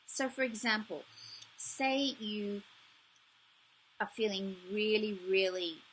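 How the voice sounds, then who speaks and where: A woman's voice: mid-range voice, slow pace, a bit bright, a little hiss or hum, low-quality recording. A middle-aged woman coaching viewers on self-esteem in a live video talk, earnest and encouraging, speaking straight to the viewer.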